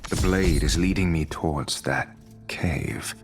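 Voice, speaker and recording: A grim, stern hero warrior. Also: male voice, very deep voice, music in the background. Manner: terse, stern, measured. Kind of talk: game cutscene voice acting.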